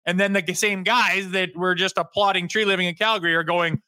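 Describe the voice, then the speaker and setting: Guy ranting about hockey, kinda high bright voice, super dry sound. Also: brisk, no room sound. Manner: animated, mocks critics in put-on voices, swears. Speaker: co-host. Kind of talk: heated sports chat.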